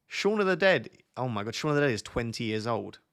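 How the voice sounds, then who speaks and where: This is a young man, chatting into a desk mic during a live stream. He speaks at a middle pitch and keeps the tone loose and jokey, often restarting lines as he thinks aloud. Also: sing-song, a little fast, a bit bright. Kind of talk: live stream chat with viewers.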